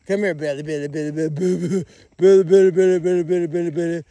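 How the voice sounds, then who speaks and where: A middle-aged man who cares for sanctuary animals chats on a casual outdoor livestream, talking to rescue pigs and calling out their names loudly on the farm. His slightly high voice stays steady and fast, with no echo.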